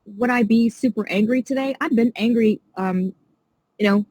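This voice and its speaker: Passionate indignant woman with a husky voice. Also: a little high, normal speed, a little mellow, no room sound, low-quality recording. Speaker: podcast guest. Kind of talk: casual interview chat.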